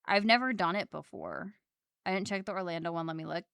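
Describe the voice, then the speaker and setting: A woman streaming while drawing, chatting casually with viewers and reacting with loud squeals and laughs. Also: lowish voice, brisk, creaky, clean tone, no echo, clean studio sound.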